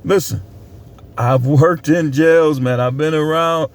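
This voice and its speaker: This is a middle-aged man with a fairly high-pitched voice, talking straight to camera in a casual monologue. He is blunt and preachy, leaning hard on his words. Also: fairly even intonation, slow. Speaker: vlogger.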